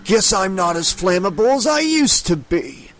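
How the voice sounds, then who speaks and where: A man's voice: high-pitched, sing-song, normal speed, fairly bright tone, pitched above the performer's own voice, heavily acted. A man voicing a sadistic, mocking male dream demon who hisses and gloats in a storybook reading. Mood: gloating. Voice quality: hissing, gloating, chuckling.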